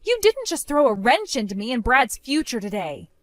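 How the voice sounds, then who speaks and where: A woman narrating her own dramatic story, speaking in a cold, indignant and forceful way. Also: a little high, sing-song, normal speed, no room sound. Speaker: narrator of a first-person story.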